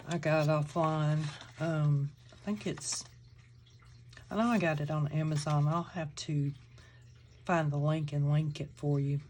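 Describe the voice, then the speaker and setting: A woman's voice: sits low, a little mellow, a little hiss or hum. A woman from Georgia with a Southern accent, chatting casually as she walks through a crafting tutorial and thinks aloud while she works. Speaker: crafting channel host.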